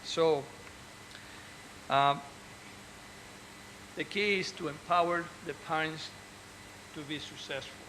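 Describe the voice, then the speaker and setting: Surgeon, male, a bit high in pitch, earnest and encouraging, stops and restarts often, faint noise behind. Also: fairly even intonation, slow, long pauses, sharp tone, rough recording. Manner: earnest and encouraging, with frequent restarts and repeated words. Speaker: orthopedic surgeon. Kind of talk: speaking to fellow doctors.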